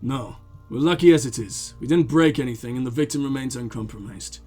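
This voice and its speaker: A man doing a low, quiet, reserved lieutenant. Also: natural voice. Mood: measured. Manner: measured, quiet, dry.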